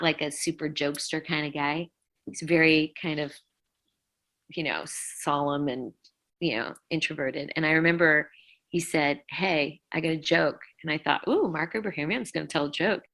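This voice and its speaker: A middle-aged woman, a former band singer, telling an emotional story in an interview, halting, with many fillers. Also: deep voice, bright, forceful tone.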